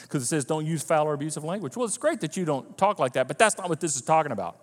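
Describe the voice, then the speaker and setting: A man's voice: fairly high pitch, fast talker, in a large hall. A male pastor preaching a sermon, acting out the voices of his listeners as he goes. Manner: animated, acts out quoted voices of listeners. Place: church hall.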